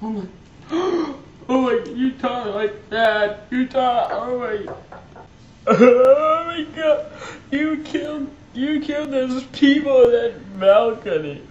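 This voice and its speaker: A man's voice: high voice, very slow, a bit bright, full character voice. A man voicing a panicky young male hero who keeps crying out in shock. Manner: panicky, repeating exclamations. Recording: muffled echoey home camcorder with faint hiss.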